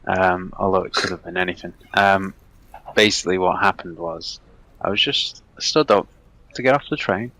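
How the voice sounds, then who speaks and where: A man's voice: sits low, moderate pace, no echo. A young man hosting a casual podcast chat, telling anecdotes and acting out what people said. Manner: animated storyteller, acts out quotes. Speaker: podcast host.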